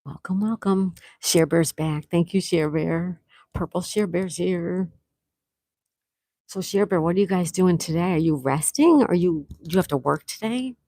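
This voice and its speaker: A woman hosting a live stream, reading chat comments and excitedly thanking viewers, with frequent gasps. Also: fairly low pitch, measured pace, no echo, studio quality. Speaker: livestream host.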